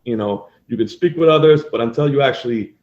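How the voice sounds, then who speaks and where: A man hosting a podcast, talking in a relaxed, rambling way with lots of "you know." His voice sits mid-pitch in an echoey room on a dull, lo-fi recording. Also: fast talker. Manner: relaxed storytelling with fillers. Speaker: podcast host, assisted living operator. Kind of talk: casual interview chat.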